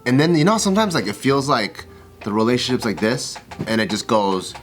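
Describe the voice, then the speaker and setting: Animated man telling a story. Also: medium pitch, a little fast, faint music behind. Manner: animated, acts out both sides of a conversation; frequent swearing and filler words. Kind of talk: casual podcast chat.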